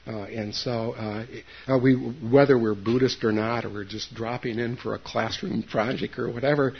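Gravelly older man giving a halting dharma talk. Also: mid-range voice, steady tone. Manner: halting, with many fillers and restarts; folksy asides to the listeners. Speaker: Zen meditation teacher. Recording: dull lo-fi recording.

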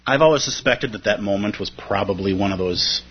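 This dharma teacher's voice sits on the low side, with a breathy edge and a fairly quick pace, heard through a muffled lo-fi recording. Reflecting conversationally on a poem, he often checks in with listeners, sprinkling in "right?"

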